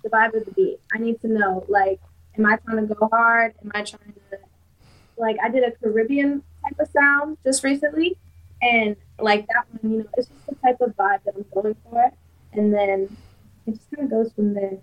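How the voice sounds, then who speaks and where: Relaxed young woman rapper, higher voice. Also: normal speed, dull audio. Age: young adult. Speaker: rapper and guest. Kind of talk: casual podcast conversation. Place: podcast studio.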